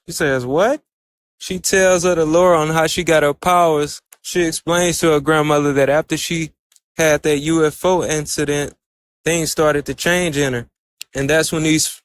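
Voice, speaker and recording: A man casually recapping an anime episode, retelling each scene with a running "and so" and "she says.". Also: fairly high pitch.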